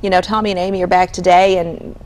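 A woman's voice: lowish voice, little pitch movement, fast talker, a little mellow, low-quality recording. Upbeat woman hosting morning TV. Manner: upbeat, prompting questions. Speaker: TV host. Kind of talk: TV morning show chat.

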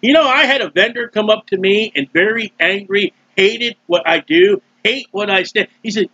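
A man preaching a sermon loudly and emphatically, with mocking asides and sudden swings in his voice. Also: high voice, moderate pace, no room sound, highs cut off. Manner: mocking asides and short laughs. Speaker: street preacher.

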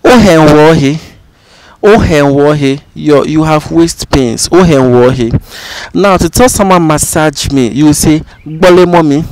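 A man with a Ghanaian accent teaching a language lesson, saying each phrase slowly and repeating it several times. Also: on the high side, a little mellow, dry recording.

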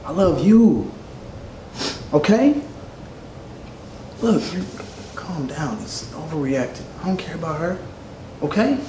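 A man plays an evasive cheating husband who stammers and pleads for calm. His voice swings widely in pitch. It is recorded off-mic in an echoey room with clear background noise. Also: slow, pauses often, distant mic. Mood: pleading.

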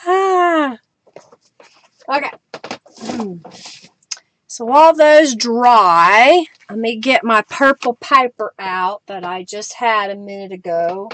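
A woman's voice: fairly high pitch, animated, slow pace, long pauses, a bit bright, slight background noise. A middle-aged woman hosting a live crafting stream, chatting with viewers as she works and laughing often. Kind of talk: casual live-stream chat.

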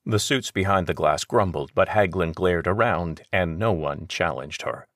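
A man narrating an audiobook in a steady, measured way. His voice sits very low. The recording is close and dry, with no room sound. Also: no room sound.

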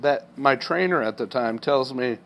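A man's voice: medium pitch, moderate pace. Indignant American man retelling a workplace run-in. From Kansas, US. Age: 30s. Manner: heated, indignant retelling that grows loud. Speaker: truck driver trainee, vlogger. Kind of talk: personal storytelling vlog.

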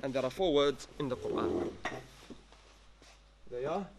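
A man's voice: mid-range voice, sing-song, measured pace, gravelly, noisy background. A male tajweed teacher giving a classroom lesson, quizzing students with frequent checks and mixing in Arabic phrases. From London-based.

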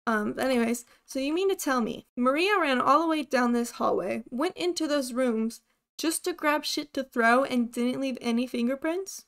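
A woman giving casual gameplay commentary, swearing a lot, jumpy, talking to the ghost and yelling at it. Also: high-pitched, moderate pace. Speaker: streamer playing solo.

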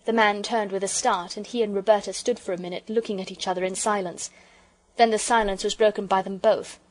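A woman narrating a children's audiobook with a steady, expressive reading. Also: mid-range voice, brisk. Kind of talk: storybook narration.

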